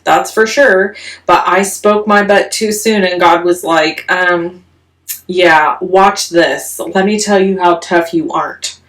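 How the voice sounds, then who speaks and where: A woman vlogger telling a story in a casual, animated, self-mocking way. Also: on the low side, echoey room, distant mic. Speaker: crafting vlogger.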